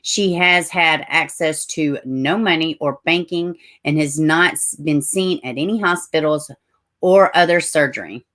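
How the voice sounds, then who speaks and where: Low-voiced Tennessee woman livestream host. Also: unhurried, fairly bright tone. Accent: Tennessee Southern US. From Tennessee, USA. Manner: chatty, frequent asides and self-corrections. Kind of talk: casual livestream talk, reading news aloud.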